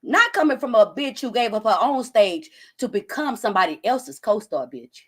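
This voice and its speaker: A woman's voice: fairly high pitch, big pitch swings, unhurried, fairly bright tone. A woman hosting a live stream, brashly and profanely calling out a viewer while reading the chat. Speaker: livestream host.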